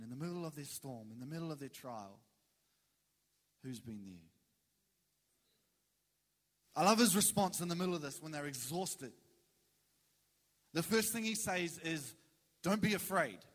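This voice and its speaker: Animated high-voiced male preacher, reverberant hall. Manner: animated, conversational preaching with dramatic pauses. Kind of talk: sermon. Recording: long reverb of a large hall.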